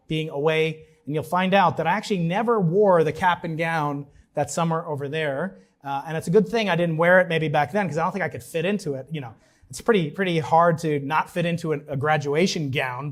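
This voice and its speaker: A man in his forties or fifties from Long Island, giving a commencement speech with joking asides and halting restarts. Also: fairly high pitch. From New York, Long Island. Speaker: commencement speaker. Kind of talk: ceremonial speech. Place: large ceremony venue.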